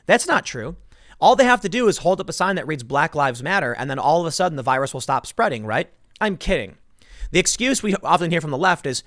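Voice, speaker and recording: A man delivers sarcastic, emphatic political commentary, swinging his fairly high voice up and down as he tells his story. The sound is dry and close to the mic, with no room echo. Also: sing-song, fairly quick, a bit bright. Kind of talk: opinionated commentary vlog.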